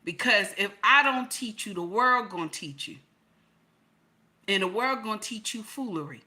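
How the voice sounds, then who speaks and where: A middle-aged woman talking casually to her viewers, emphatic and repetitive, building to loud peaks. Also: medium pitch, animated, moderate pace. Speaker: channel host.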